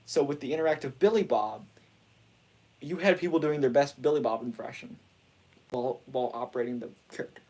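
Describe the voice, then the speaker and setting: A man's voice: mid-range voice, fairly quick, warm tone. A man chatting casually as host, rambling and restarting his sentences often. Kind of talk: casual chat.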